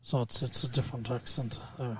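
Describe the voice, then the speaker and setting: A man's voice: medium pitch, steady tone, a little fast, a bit bright, a little hiss or hum. Joking male podcast host. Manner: joking, teasing. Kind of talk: casual chat.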